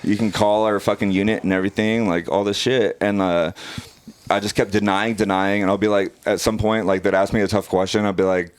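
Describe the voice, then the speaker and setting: A man's voice: on the low side, fairly quick, clear, resonant tone. A man, a former pararescue operator, telling a wild story as a podcast guest, swearing freely and laughing as he goes. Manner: profane, animated, laughs through the telling. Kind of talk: casual storytelling.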